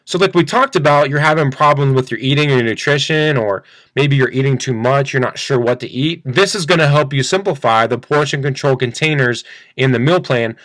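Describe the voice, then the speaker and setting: A man teaching a sales pitch in an upbeat, repetitive way, acting out both sides of a phone call. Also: brisk, a bit bright, no echo. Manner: upbeat, repeats phrases, acts out phone dialogue. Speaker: sales coach. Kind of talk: screen-share training talk.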